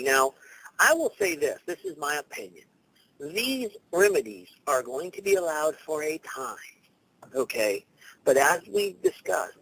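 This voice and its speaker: Animated gravelly man telling stories. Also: on the high side, rough recording. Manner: animated storytelling, acts out quoted people. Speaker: guest. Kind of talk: casual talk show chat.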